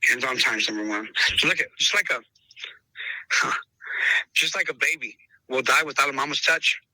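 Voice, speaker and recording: A man's voice: mid-range voice, normal speed, bright, forceful tone, dry recording, rough recording. A man talking emphatically in a casual interview, repeating himself and calling the listener brother. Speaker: podcast host interviewed as dog trainer.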